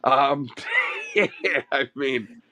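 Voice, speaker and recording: A man's voice: medium pitch, flat delivery, very slow, noisy background. A man on a live stream panel, teasing and joking, swearing freely in crude casual banter. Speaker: panel guest.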